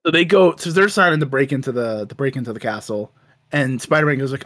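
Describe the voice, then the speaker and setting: A man's voice: a little high, quick pace, a bit bright. A man co-hosting a casual chat, animatedly retelling a cartoon with lots of swearing. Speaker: podcast co-host.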